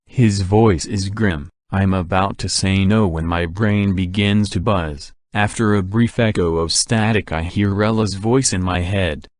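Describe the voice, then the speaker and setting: A man narrating an audiobook in a steady, even reading. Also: low-pitched, measured pace, no echo, studio quality. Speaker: audiobook reader. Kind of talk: scripted narration.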